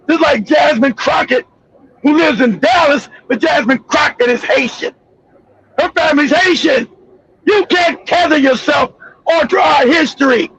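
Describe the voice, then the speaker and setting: High raspy-voiced dude ranting loud on his stream, gravelly, kinda muffled audio. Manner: ranting, profane, often shouting. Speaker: live stream host. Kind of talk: heated political commentary stream.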